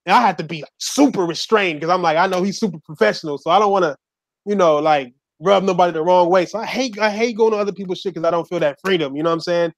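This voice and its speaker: A man chatting casually on a gaming podcast, loud and profane, laughing often and slipping into playful impressions. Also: high-pitched, fast, no echo. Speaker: YouTube gamer co-host.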